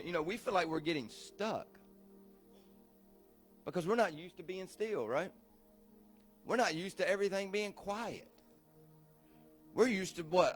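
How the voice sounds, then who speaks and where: A male pastor delivers a sermon in a loose, conversational way, often repeating words and tossing questions at the room. His voice sits a little high and swings between hushed, slowed passages and loud shouting. Soft music plays faintly behind him. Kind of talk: sermon to a recovery group.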